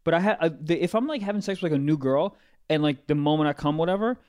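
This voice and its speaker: A man's voice: on the high side, animated, quick pace, darkish tone, clean tone. A man co-hosting a podcast, rambling and crude in casual chat. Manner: crude, rambling, swears freely. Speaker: podcast co-host.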